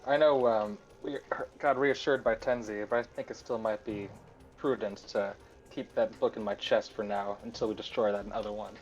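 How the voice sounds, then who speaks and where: A man's voice: fairly low pitch, fairly even intonation, moderate pace, lo-fi sound, faint music behind, lightly acted. A man voicing a cautious, practical adventurer in a tabletop game, giving careful advice earnestly.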